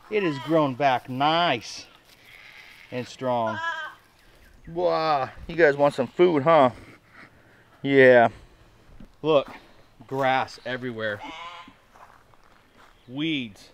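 A man hosting a casual farm vlog outdoors, chatting folksily to the camera and talking to his goats in an excited sing-song. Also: medium pitch, slight background noise. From Nebraska, USA. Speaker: homestead vlogger.

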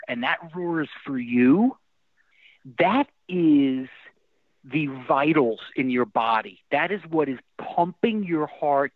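Middle-aged male rock singer, animated talker, somewhat high voice, heard dry over a phone-like line. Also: no room sound. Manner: animated storyteller with restarts and fillers. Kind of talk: casual interview storytelling.

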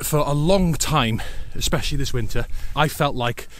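A man's voice: medium pitch, moderate pace. A man from Wales talking to camera outdoors as a photography vlogger, chatty and self-deprecating, thinking aloud about his shots. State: out of breath while climbing. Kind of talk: casual vlog talk to camera. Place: outdoors on a windy Welsh hillside. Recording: wind and loud outdoor noise on the mic.

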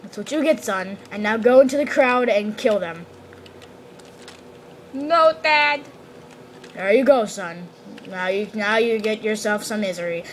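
A woman's voice: medium pitch, lively intonation, a little slow, pauses often, slight background noise, close to an everyday voice. A woman voicing a bossy, cruel father in a game, scolding and mocking his son.

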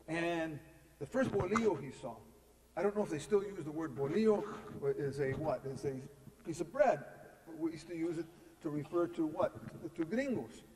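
A man's voice: on the high side, a little mellow. Guy from california giving a talk, tells stories, tosses questions at the crowd, big echoey lecture hall. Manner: storytelling, asks the crowd rhetorical questions. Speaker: guest speaker. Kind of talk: public lecture. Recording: long echo in a lecture hall.

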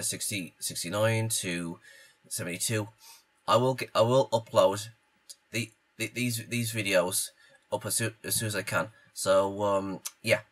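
A man with a cold reacting to anime clips in a casual vlog, excitable and stumbling over his words. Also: lowish voice. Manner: stammering, excitable, restarts often. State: congested from a cold.

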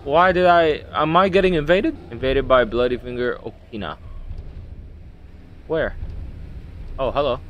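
A young man giving loud, profane, excitable commentary while playing a video game. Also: medium pitch, unhurried, long pauses, muffled recording, a little hiss or hum. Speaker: gaming streamer. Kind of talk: casual gameplay commentary.

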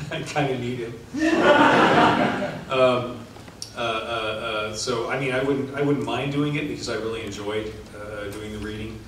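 A man's voice: mid-range voice, expressive, slow, pauses often. A middle-aged man answers panel questions in a loose, rambling way, full of false starts. He sounds far from the audience mic. A huge echo surrounds him, and noise hums behind. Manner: rambling, many filler restarts. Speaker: author on a convention panel. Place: large convention hall. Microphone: recorded from the audience. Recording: echoey hall, far off, noisy.

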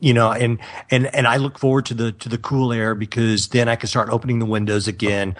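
A man's voice: medium pitch, flat delivery, brisk, a bit bright. A man hosting a live internet radio show in casual chat, joking and laughing often at himself. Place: California.

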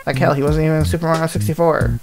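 A woman with a scratchy voice chats and jokes through a Let's Play, rambling with asides. Her voice sits fairly low, and game music plays clearly behind her. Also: steady tone, racing. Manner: chatty, jokey, rambling asides. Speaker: gaming channel host.

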